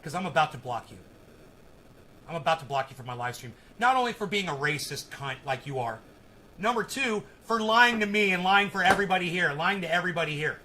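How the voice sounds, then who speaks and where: A man live streaming from his phone, ranting with heavy profanity and yelling at commenters in his chat. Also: sits high, animated, brisk, low-quality recording.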